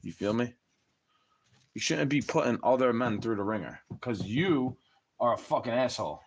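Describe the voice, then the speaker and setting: A man's voice: medium pitch, animated, moderate pace, breathy edge. A young man ranting on a livestream, profane and agitated, talking straight at the listener.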